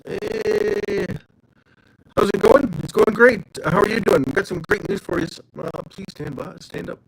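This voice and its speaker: A man's voice: high-pitched, fairly even intonation, a little slow, vocal fry, rough recording. A man hosting a casual livestream, chatting loosely and greeting viewers by name. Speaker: livestream host.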